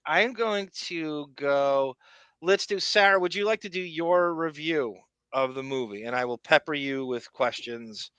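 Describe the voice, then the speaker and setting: Bright-voiced, blunt, profane podcast man. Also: fairly high pitch, smooth, no room sound. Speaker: podcast co-host. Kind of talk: casual podcast commentary.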